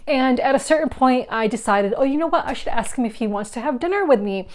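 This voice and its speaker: A young woman telling a funny story to camera, chatty and quick to laugh, with many fillers. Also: high voice, animated. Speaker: board game vlogger.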